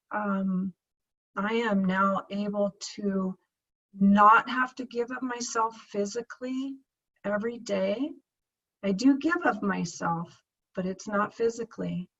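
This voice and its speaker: A woman's voice: medium pitch, a bit bright, lo-fi sound. A woman in her fifties giving a heartfelt coaching talk to her team, earnest and close to tears, repeating herself as she speaks. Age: 50s. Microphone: screen-share video recording.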